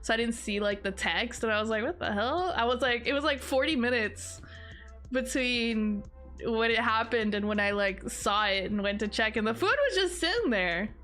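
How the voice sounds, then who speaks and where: Bright, chatty young woman streamer. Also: moderate pace, soft background music. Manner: rambling, chatty, bursts into high laughter. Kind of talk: casual live-stream chat.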